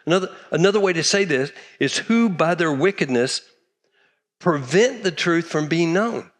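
A man's voice: on the high side, lively intonation, moderate pace. A middle-aged man from Texas, preaching a sermon emphatically and repeating key phrases. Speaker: pastor.

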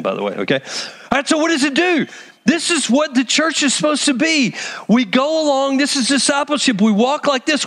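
A man preaching a sermon to a large church congregation, animated and conversational, calling people up to the stage. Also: extremely high pitch, big-room sound. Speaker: pastor.

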